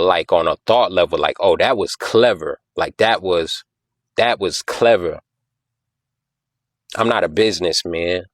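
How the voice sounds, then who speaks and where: A man's voice: sits low, fairly bright tone, dry recording. A man hosting a podcast, talking casually and explaining things, often repeating himself and asking "you know what I'm saying?". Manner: taps out rhythms with "da da da". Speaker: podcast host.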